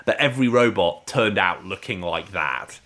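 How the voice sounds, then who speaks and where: A man with a fairly low voice, talking casually and at length about an old TV serial. His delivery rambles, full of "like" and easy laughs. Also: expressive, moderate pace, sharp tone. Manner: rambling, chatty, with frequent "like" and laughs. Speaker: podcast co-host. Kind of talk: casual chat reviewing a TV serial.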